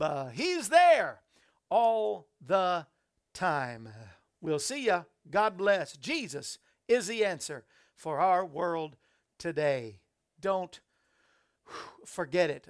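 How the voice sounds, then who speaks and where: Bright-voiced upbeat male talk show host. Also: high voice, clean tone. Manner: upbeat, folksy, greets viewers by name. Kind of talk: casual live-streamed Christian talk show.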